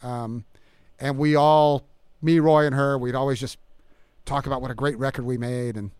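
Middle-aged male guest, halting and soft-spoken, smooth resonant voice, dry recording. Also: mid-range voice, fairly even intonation, no echo. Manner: halting, many restarts and fillers, soft-spoken. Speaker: guest musician. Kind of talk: casual interview chat.

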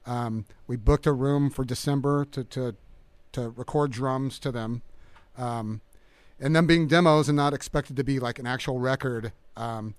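Halting soft-spoken middle-aged man. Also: medium pitch, clear, resonant tone, no room sound. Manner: halting, many restarts and fillers, soft-spoken. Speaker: guest musician. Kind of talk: casual interview chat.

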